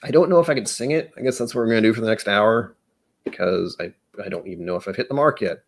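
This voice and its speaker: A man's voice: on the low side, quick pace. A man from the United States hosting a casual whiskey livestream, chatty, rambling and self-deprecating as he reads chat aloud. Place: indoors at home.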